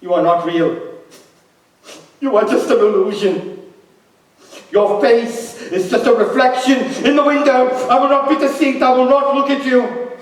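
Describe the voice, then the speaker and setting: A man's voice: very high voice, fairly even intonation, unhurried, pauses often, far from the mic. An actor playing a grieving widowed father sliding into madness, with a theatrical, anguished stage delivery, recorded from afar on an echoey theatre stage. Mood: desperate. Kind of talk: stage musical acting with narration.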